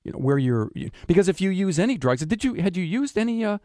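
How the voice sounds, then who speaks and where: A high-sitting, sing-song, mellow male voice talks fast as a radio host and practitioner rambles through a guest interview, full of fillers and restarts. The studio sound is clean with no echo.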